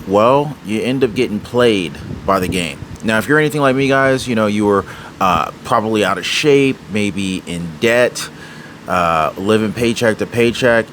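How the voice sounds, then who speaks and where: A man's voice: on the low side, fairly bright tone, slight background noise. A man giving casual political commentary to his viewers, chatty and direct. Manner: chatty, addresses viewers as guys.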